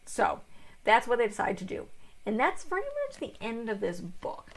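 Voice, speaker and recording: A young woman reviewing a book in a rambling, casual way, sounding tired and yawning, with a gravelly, husky voice. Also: a little high, very animated, normal speed. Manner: rambling, full of fillers and restarts.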